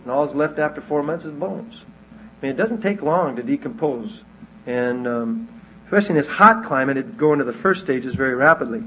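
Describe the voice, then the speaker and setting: A man's voice: medium pitch, a little hiss or hum. A man teaching verse by verse from the Bible in a conversational way, often asking his listeners questions. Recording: dull lo-fi recording.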